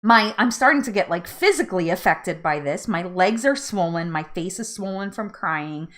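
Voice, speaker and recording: A woman's voice: lowish voice, animated, moderate pace, fairly bright tone. A woman hosting a live weight loss chat, telling a story casually, laughing often and acting out her own pleas.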